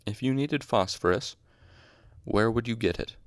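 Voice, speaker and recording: A man's voice: mid-range voice, normal speed, dry recording, natural voice. A man reading aloud, voicing a dry male chemistry master who asks terse, probing questions. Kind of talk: audiobook reading with voices.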